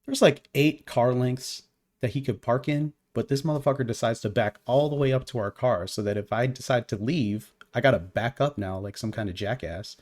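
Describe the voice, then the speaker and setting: A man's voice: mid-range voice, moderate pace, darkish tone. A man co-hosting a podcast, telling a heated story in casual, profane chat. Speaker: podcast co-host.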